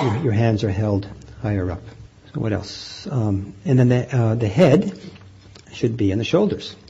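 A man teaching meditation, guiding a group in a gentle, unhurried way with frequent pauses and fillers. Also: on the low side, dull audio, a little hiss or hum. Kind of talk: guided meditation instruction.

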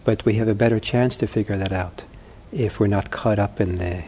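A male meditation teacher answers questions from the audience, calm and gently humorous. He thinks aloud as he goes and restarts his sentences. His voice is mellow, with a faint hiss of noise behind it. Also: fairly low pitch, normal speed.

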